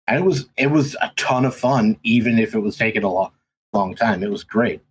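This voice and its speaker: A man's voice: fairly low pitch, fairly quick, a little hiss or hum, poor audio. A man guesting on a podcast, telling stories in casual chat with lots of ums and restarts. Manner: rambling, many ums and restarts. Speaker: podcast guest, race commentator.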